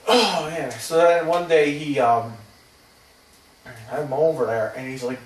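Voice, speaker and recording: A man's voice: mid-range voice, a little slow. Rambling man recorded from afar. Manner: rambling, hesitant, swears casually. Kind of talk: rambling personal storytelling. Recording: roomy, distant from the mic.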